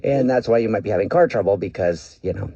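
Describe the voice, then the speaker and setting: A man hosting a radio show, pulling a prank call in a calm, matter-of-fact way with fillers. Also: on the low side, quick pace, no room sound, muffled recording. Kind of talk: deadpan prank phone call.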